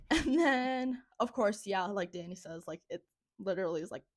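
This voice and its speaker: A young woman at a mid-pitched, everyday level tells a rambling story, scattering "like" through her sentences and laughing often. Her voice is close and dry, with almost no room sound. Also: animated, normal speed, dry recording. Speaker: podcast co-host. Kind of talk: casual storytelling chat.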